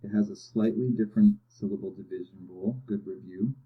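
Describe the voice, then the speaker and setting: Male teacher, low voice, walking students patiently through a phonics lesson; muffled, lo-fi recording. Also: fairly even intonation, fairly quick. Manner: patient, step-by-step, checks in with "okay". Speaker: reading teacher. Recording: dull lo-fi audio.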